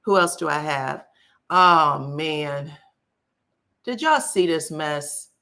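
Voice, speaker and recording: Woman, gossip stream host, bright forceful voice, chatty and exclamatory, reads viewer comments. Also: sits low, expressive, takes it slowly. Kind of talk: casual live-stream gossip chat.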